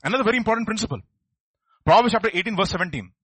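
A man's voice: sits high, animated, rapid-fire, fairly bright tone, breathy edge, no echo. A man preaching a sermon, asking his listeners rhetorical questions. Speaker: pastor.

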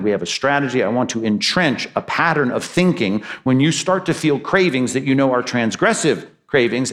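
A man preaching to his congregation in a sermon. He drives his points home with long runs of repeated phrases, his intensity climbing and falling back. His pitch sits in an ordinary middle range. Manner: emphatic, repetitive preaching with rising and falling intensity. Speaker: pastor.

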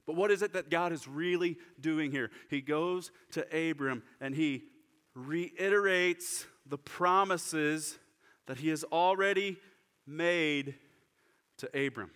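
A man preaching a sermon to his congregation, shifting from lively urgency to hushed, slow prayer. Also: on the high side, clear, resonant tone. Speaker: pastor. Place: church sanctuary. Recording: church hall reverb.

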